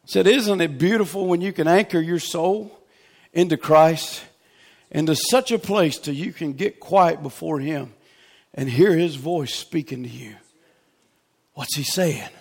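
A man preaching a revival sermon, swinging from shouted exhortation to hushed, near-whispered tenderness. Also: on the high side, a little slow, gravelly.

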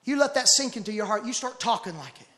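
A man preaching a sermon with fervent, rhythmic repetition that builds to shouts. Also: extremely high pitch, animated, fast.

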